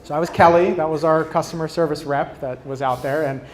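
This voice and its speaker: A man giving a casual conference talk on product design, speaking off the cuff with many fillers and restarts, and acting out quoted customers in lively voices. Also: a little high, fairly quick, a little hiss or hum. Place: conference stage.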